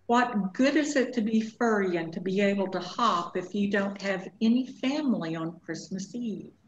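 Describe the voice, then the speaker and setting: A woman's voice: mid-range voice, normal speed, a little hiss or hum, close to an everyday voice. A woman voicing a small, lonely young male bunny who speaks in a plaintive, sniffling way. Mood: sad. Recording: echoey room, dull lo-fi sound.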